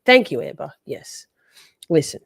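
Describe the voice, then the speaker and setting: A woman's voice: deep voice, big pitch swings, a little slow, gravelly, slightly rough, no room sound, clean studio sound. A woman in her forties hosting a casual livestream, teasing her chat and swearing freely. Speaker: livestream host.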